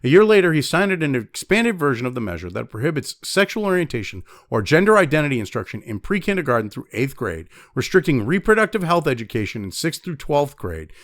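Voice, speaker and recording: A man delivers furious, profanity-laden commentary on a news story, breaking off to read excerpts aloud. His voice sits fairly high and leaps around a lot. The sound is dry and close. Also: big pitch swings, brisk, few pauses, dry recording. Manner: angry, heavily profane, blunt; reads news excerpts aloud between rants.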